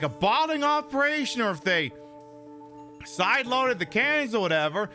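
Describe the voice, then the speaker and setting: Hosting a game stream, this man speaks in a very high-pitched voice with a sharp tone. He rambles, jokes casually, and swears freely while commenting on his play.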